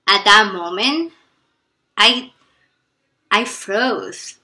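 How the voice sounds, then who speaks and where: A woman tells a personal story slowly and earnestly, with a bright, forceful voice. She drops into hushed asides at times. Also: mid-range voice, lively intonation. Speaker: vlogger.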